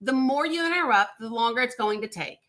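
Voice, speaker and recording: A woman's voice: fairly high pitch, lively intonation, fairly quick, bright, forceful tone. A woman hosting a live call-in stream, firmly laying down rules and speaking bluntly to callers. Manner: firm, lays down rules, blunt. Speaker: host.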